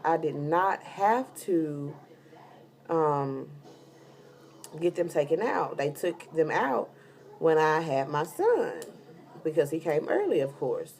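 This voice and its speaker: A heavily pregnant vlogger gives a pregnancy update, telling a casual, rambling story packed with fillers in a chatty way. Her voice is low with a darkish tone.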